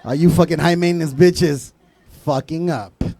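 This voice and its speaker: A young man from Southern California doing a stand-up comedy set with loud, crude crowd work and Spanish asides. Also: a little high, steady tone, normal speed.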